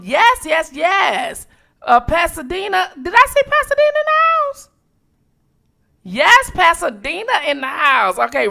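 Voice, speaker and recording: A woman from Detroit hosting a late-night livestream, chatting casually with viewers and reacting quickly to each comment. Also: high-pitched, vocal fry. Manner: animated, reads out viewer locations with quick reactions. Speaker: livestream host.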